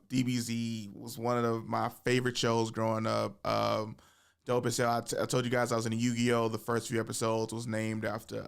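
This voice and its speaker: A man hosting a podcast in animated, profane casual chat, laughing often. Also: medium pitch, vocal fry, clean tone. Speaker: podcast host.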